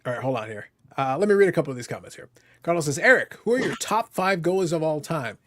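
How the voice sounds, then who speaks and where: A man from Canada hosting a casual podcast chat, animated and jokey, talking over the others. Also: a little high, fast talker. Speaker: podcast host.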